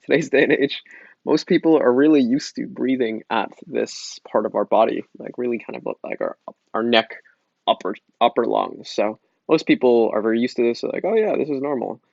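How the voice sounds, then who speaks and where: A man's voice: mid-range voice, normal speed, creaky, no room sound. Casual male yoga teacher, easygoing and joking, dry muffled recording. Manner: relaxed and chatty, jokes around, restarts often. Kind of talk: casual guided breathing lesson.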